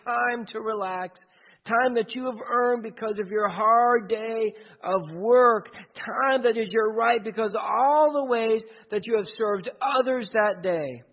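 A man's voice: high-pitched, husky. A man preaching a sermon in an earnest way, speaking straight to the listener as "you". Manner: earnest, second-person storytelling. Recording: dull lo-fi recording.

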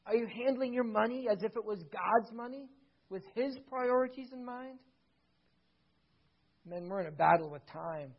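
A man's voice: high-pitched, husky. A man preaching a sermon to fathers, urging them on with rhetorical questions and ending in prayer, in a dull lo-fi recording.

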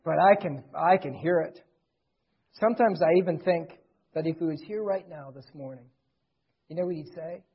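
A middle-aged man preaching a sermon as pastor, earnestly, swelling loud and then dropping soft. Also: a little high, moderate pace, long pauses, husky. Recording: dull lo-fi recording.

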